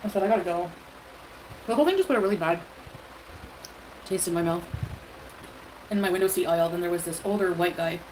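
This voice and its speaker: A woman's voice: on the low side, fairly quick, pauses often, darkish tone, low-quality recording. A woman talking casually on a livestream, rambling and defensive, with lots of fillers. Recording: livestream audio with background noise.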